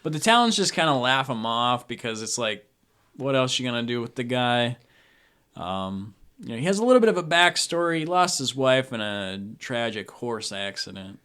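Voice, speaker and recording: A man's voice: mid-range voice, sing-song, moderate pace, sharp tone, smooth. A man narrating a tabletop game as game master, rambling casually and laughing often.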